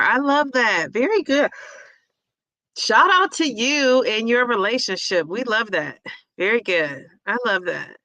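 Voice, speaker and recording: Chatty woman hosting a bright, dry livestream. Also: a little high, expressive, measured pace, dry recording, highs cut off. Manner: chatty, reads comments aloud and repeats them, frequent laughs. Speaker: livestream host reading viewer comments. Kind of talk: casual livestream chat.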